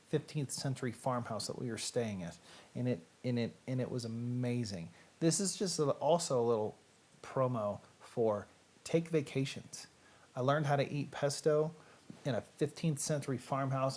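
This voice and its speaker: A man's voice: mid-range voice, darkish tone. A middle-aged man with a Southern US accent, hosting a casual, rambling livestream chat in a self-deprecating way. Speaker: host.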